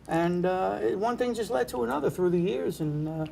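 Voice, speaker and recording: A man's voice: sits high, animated, a little fast, vocal fry, dark tone, slight background noise. Chatty New York man telling stories. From New York City. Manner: chatty anecdotal, bantering with his puppet. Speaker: ventriloquist guest. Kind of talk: casual interview storytelling.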